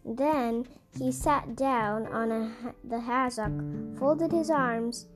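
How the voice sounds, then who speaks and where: Slow, stumbling woman reading a storybook. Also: a little high, music in the background. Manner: halting reading with frequent stumbles and restarts. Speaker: storybook reader. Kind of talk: reading a children's novel aloud.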